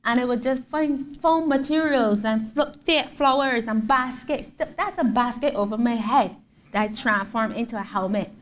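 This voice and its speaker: A Barbadian woman tells her story to a lecture audience in a fairly high, bright-toned voice, acting out every exchange with energy. She is picked up from some distance in a roomy hall, with a faint hum of room noise underneath. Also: normal speed. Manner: animated storyteller who acts out the quotes in her story. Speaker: guest artist lecturer. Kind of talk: public lecture.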